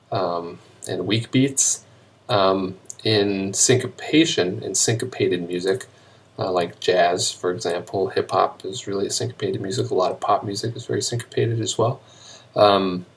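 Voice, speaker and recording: Low-voiced male music teacher explaining. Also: gravelly, a little hiss or hum. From United States. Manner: relaxed explaining with many ums, sings short melody examples slowly. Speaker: high school music teacher. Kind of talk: recorded classroom video lesson.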